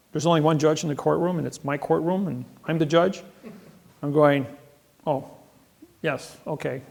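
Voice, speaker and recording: A man's voice: a little high, gravelly, a little mellow. A man speaking at a seminar, telling boastful stories in a rambling way, often repeating his words. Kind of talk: seminar talk, storytelling to an audience. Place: seminar room.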